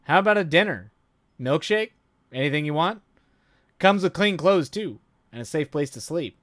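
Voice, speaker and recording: A man voicing an easygoing, friendly male vampire who talks in a relaxed, reassuring way. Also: a little high, moderate pace, no echo, clean studio sound, voice pushed up.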